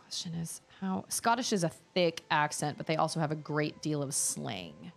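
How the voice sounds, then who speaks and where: A young woman streaming a video game, chatting casually and thinking out loud as she plays. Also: sits low, lively intonation, moderate pace, creaky, faint music behind. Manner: chatty, musing aloud, reading chat. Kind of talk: casual gameplay commentary.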